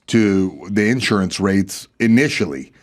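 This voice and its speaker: A man reading news stories on a podcast, relaxed and agreeable. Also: sits low. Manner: easygoing, agreeable, quick to laugh.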